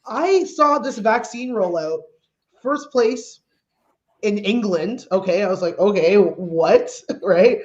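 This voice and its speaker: A woman from Canada doing a stand-up comedy set, brash and animated, acting out her own reactions. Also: a little high, slow pace, dull audio.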